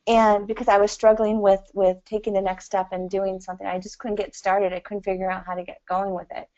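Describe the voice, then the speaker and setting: A woman's voice: mid-range voice, level tone, brisk, dark tone, highs cut off. A woman talking as a podcast guest in a casual, rambling way, with frequent "you know" fillers and easy laughter. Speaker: interview guest. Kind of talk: casual conversational interview.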